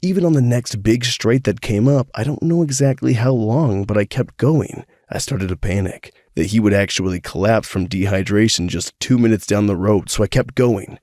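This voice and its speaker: A man narrating first-person stories as a story reader, sounding a bit sick with a cold and keeping a steady reading pace. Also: on the low side, normal speed, hardly any pauses, no echo, studio quality.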